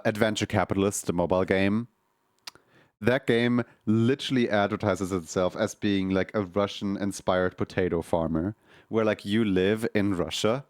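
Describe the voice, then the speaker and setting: A man's voice: on the low side, dry recording, clean studio sound. A man streaming, telling a long rambling story in casual chat, full of fillers, restarts and laughs at his own jokes.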